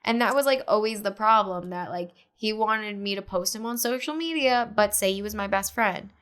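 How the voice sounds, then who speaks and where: A young woman on a podcast tells a story in a lively, casual way, full of filler words and impressions of what people said. Her voice is smooth, medium in pitch, and moderately paced.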